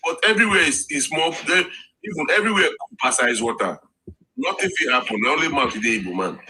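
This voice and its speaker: A man's voice: fairly high pitch, animated, fast, sharp tone, slight background noise, low-quality recording. A Nigerian man with a Nigerian accent in a heated, mocking debate, mixing English and Pidgin. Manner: emphatic, mocking, switches to Pidgin. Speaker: discussant.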